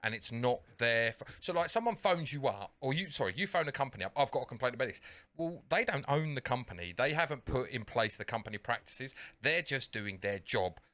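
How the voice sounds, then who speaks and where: A man's voice: medium pitch, sing-song, a little fast, hardly any pauses, bright, forceful tone, no room sound. A British man co-hosting a podcast in casual chat, swearing and acting out phone calls in a raised voice. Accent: British English. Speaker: podcast co-host.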